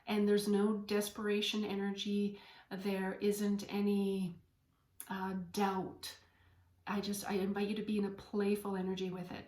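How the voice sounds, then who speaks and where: A woman's voice: mid-range voice, completely flat delivery, unhurried. Woman medium and podcast host, earnest and encouraging, mid-range voice, roomy echo. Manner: earnest, heartfelt, gently encouraging. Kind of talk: inspirational spiritual talk. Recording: echoey room.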